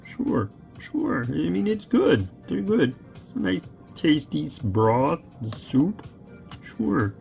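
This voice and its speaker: A man putting on a high, nasal frog voice as his own shy twin brother, stammering and hesitant. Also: sing-song, drawn-out words, creaky, darkish tone, soft background music, heavily acted. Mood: bashful.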